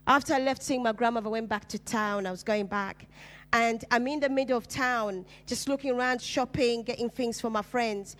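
A Ugandan woman with a fairly high voice preaches her personal testimony at a moderate pace. She tells it as an emphatic story, acting out the dialogue as she goes.

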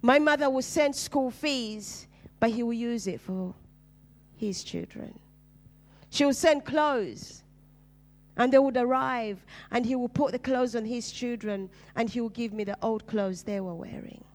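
A Ugandan woman preacher shares her personal testimony in conversation, speaking a little slowly. She is earnest, and her voice drops low and soft when she reaches painful memories.

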